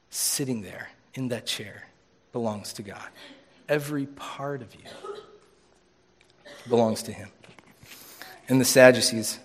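A man's voice: medium pitch, slight background noise. A man preaching an informal sermon in a church room, casual and joking with many restarts.

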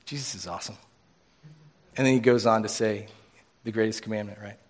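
A man's voice: on the low side, fairly even intonation, a little fast. A man preaching an informal sermon in a church room, casual and joking with many restarts.

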